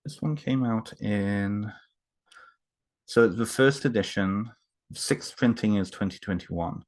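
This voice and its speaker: Man, very low voice, casual vlog, halting, fillers and restarts, emotional. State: emotional, moved. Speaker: author unboxing books. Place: home.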